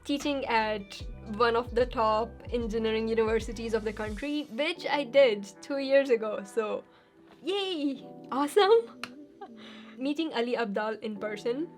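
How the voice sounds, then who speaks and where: A young adult woman chatting casually as a YouTuber answering viewer questions, upbeat, with thinking pauses and cheerful bursts. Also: on the high side, faint music behind. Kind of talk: casual Q&A chat.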